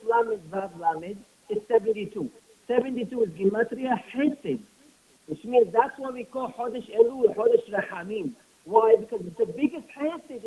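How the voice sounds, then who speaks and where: A man preaches with animated storytelling and keeps asking rhetorical questions. His voice is high and husky. The sound is thin and phone-like. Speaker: rabbi giving a talk. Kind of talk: sermon with storytelling. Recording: tinny phone-like lo-fi audio.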